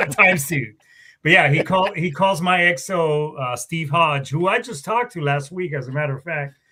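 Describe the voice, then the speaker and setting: A man's voice: on the high side, moderate pace, sharp tone. Profane, rambling middle-aged man. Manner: profane, rambling, self-correcting. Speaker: guest, Marine Corps veteran warrant officer. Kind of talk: casual storytelling interview.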